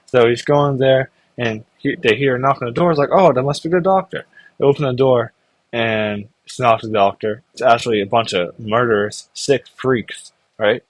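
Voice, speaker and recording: A man's voice: mid-range voice, level tone, moderate pace, no room sound. A man casually recapping anime episodes in a rambling way, filling his talk with "like" and briefly acting out characters' lines. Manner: rambling, filler-heavy, full of "like". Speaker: anime reviewer.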